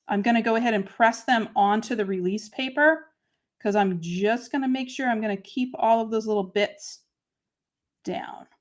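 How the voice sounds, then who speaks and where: A woman hosts a live craft demonstration, talking through each step as she works. Her delivery is chatty and self-deprecating. She breaks off often to answer viewers by name. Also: mid-range voice. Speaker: host of a live papercrafting stream.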